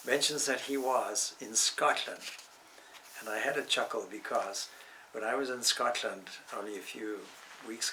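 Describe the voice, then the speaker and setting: Man giving a reflective spiritual talk, bright voice, little faint hiss, mic kinda far. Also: on the low side. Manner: measured and reflective, with gentle humor. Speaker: swami giving a scripture talk. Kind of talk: spiritual discourse.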